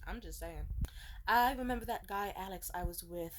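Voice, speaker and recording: A woman's voice: medium pitch, normal speed, noisy background. A young woman vlogger telling a dating story, blunt and profane, with sarcastic laughing asides. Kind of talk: casual storytime rant.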